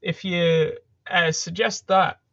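High-voiced joking man, muffled mic. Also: little pitch movement, fairly bright tone, dry recording. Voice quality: quick, joking and self-mocking, stumbling over words. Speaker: podcast co-host. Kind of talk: casual faith-based podcast chat.

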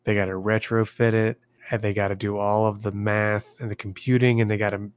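A man's voice: on the low side, level tone, a little fast, clean tone, dry recording. A man co-hosting a podcast, recapping a movie plot casually with a wry, playful manner. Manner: wry, playful, laughing easily. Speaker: podcast co-host. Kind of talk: casual chat.

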